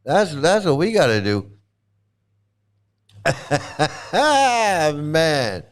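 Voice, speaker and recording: A man's voice: fairly high pitch, very animated, drawn-out words. A middle-aged man hosting a livestream, ranting in a mocking, profane way, laughing often and repeating himself. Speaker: livestream host.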